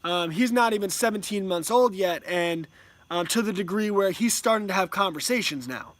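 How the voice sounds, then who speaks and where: High-voiced man telling a rambling story. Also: animated, normal speed, a bit bright, dry recording. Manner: rambling storyteller, many ums and restarts. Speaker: homeschooling parent. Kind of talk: casual monologue to camera. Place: at home.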